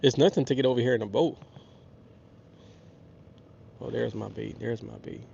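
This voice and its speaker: A man with a hoarse voice from a cold, chatting casually on a fishing livestream from a lake. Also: medium pitch, normal speed, a little hiss or hum. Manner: excitable, talks to viewers and fish. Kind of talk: casual live-stream chat. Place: outdoors on a lake. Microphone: camera mic on the body. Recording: muffled lo-fi outdoor stream.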